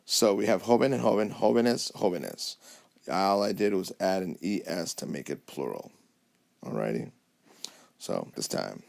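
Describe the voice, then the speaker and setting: Low gravelly man teaching. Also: expressive, normal speed, darkish tone. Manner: patient, repeats "okay?" and "alrighty?" to check understanding. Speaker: Spanish teacher. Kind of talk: whiteboard lesson narration. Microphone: tablet mic over whiteboard app.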